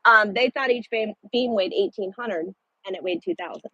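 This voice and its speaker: A woman truck driver chatting casually with her livestream viewers, blunt and quick to swear. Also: mid-range voice, sharp tone, no echo, lo-fi sound.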